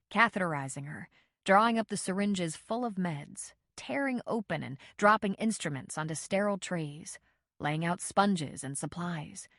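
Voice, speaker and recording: A woman narrates a novel in a steady, measured way. Her voice sits a little low for a woman. The studio recording is dry and close, with no room sound. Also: no room sound. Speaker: audiobook narrator. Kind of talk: scripted narration.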